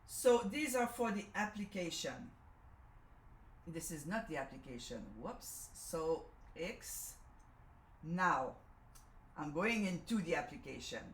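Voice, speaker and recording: A woman's voice: mid-range voice, a bit bright, slight background noise. A woman with a Canadian French accent, French her first language, demonstrating a sewing machine in a chatty, self-correcting way, often asking "okay?". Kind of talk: live product demonstration. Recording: echoey room.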